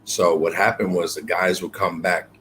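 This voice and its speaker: A man's voice: deep voice, steady tone, normal speed, a bit bright, slight background noise. A man being interviewed as a guest poet, telling his story earnestly and reflectively, with many fillers and repeated words.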